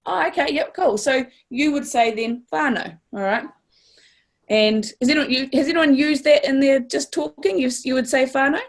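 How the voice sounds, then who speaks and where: A woman's voice: high voice, normal speed. A woman with a New Zealand accent teaching a class, upbeat and encouraging, stretching words out to model sounds. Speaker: language teacher.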